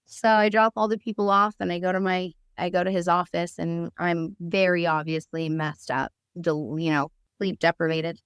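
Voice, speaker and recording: A woman with a somewhat low, smooth, clear voice shares her own life story as a podcast guest. She is earnest and open, and she vividly acts out the conversations she remembers. The sound is close and dry, with no room echo. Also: fairly even intonation, moderate pace, few pauses. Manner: vivid storyteller who acts out quoted dialogue; earnest and candid. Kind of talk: personal storytelling.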